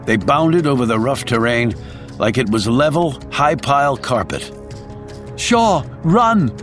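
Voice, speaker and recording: A man's voice: mid-range voice, normal speed, a bit bright, soft background music. A man reading a thriller audiobook in a dramatic storytelling voice. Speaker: audiobook narrator. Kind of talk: scripted thriller narration.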